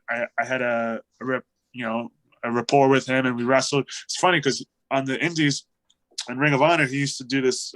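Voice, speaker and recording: A man in his thirties, a wrestler casually telling an animated story in an interview and acting out the quotes. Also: medium pitch, poor audio. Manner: animated storyteller, acts out quotes, laughs often.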